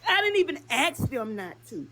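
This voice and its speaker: A woman's voice: high voice, big pitch swings, moderate pace, fairly bright tone. A woman calling in to a talk show, upset and insistent, holding back tears as she defends herself. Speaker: caller. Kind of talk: heated call-in complaint.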